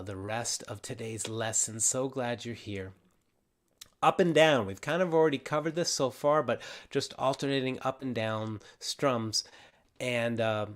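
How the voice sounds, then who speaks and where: A man teaching a ukulele lesson on a livestream, relaxed and encouraging, counting out beats as he explains. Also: mid-range voice. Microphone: livestream camera mic.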